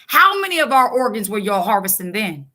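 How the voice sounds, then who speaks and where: A woman's voice: mid-range voice, sing-song, brisk, background noise. A woman giving fiery religious commentary in a vlog, blunt and scolding, preaching at her viewers with frequent restarts. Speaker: online commentator.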